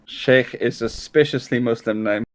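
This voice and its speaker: A man's voice: medium pitch, fairly even intonation, moderate pace. Dry-humored man co-hosting a stream. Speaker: co-host. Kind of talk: casual live-stream chat.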